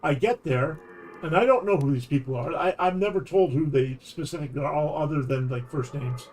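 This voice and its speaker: A man's voice: a little high, brisk, a little mellow, a little hiss or hum. A man streaming while telling a long anecdote in a casual, rambling way, often restarting his sentences. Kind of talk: casual storytelling chat.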